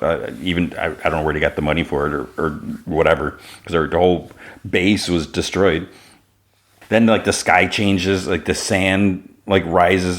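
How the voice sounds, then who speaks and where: Low-voiced man rambling through a recap. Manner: rambling, many fillers and restarts. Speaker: podcast host. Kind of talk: casual episode recap.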